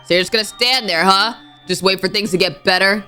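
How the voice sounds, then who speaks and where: A woman's voice: mid-range voice, normal speed, fairly bright tone, soft background music, close to an everyday voice. A woman voicing a brash young biker in a video game, drawling his lines with swagger. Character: tough brash biker guy, young man.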